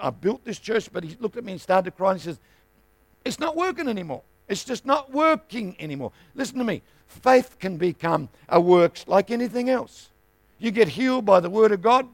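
A man's voice: high voice, vocal fry, dry recording. A middle-aged man preaching a sermon as pastor, emphatic, firing rhetorical questions at the congregation.

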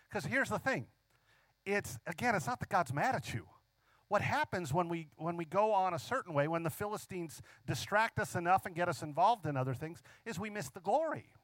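A man preaching a sermon, emphatic, drawing out key phrases slowly and asking the congregation frequent questions. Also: sits high, a bit bright, dry recording.

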